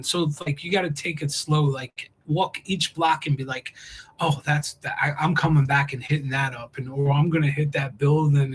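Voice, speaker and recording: A man chatting on a live stream, rambling and animated and acting out the people he quotes. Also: a little high, a little hiss or hum, low-quality recording. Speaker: co-host. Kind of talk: casual live-stream chat.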